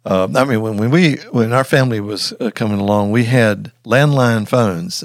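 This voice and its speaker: An older man, a podcast guest, telling a story earnestly with many halting restarts, recorded close on a studio mic. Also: on the low side, no room sound. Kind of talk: storytelling in an interview.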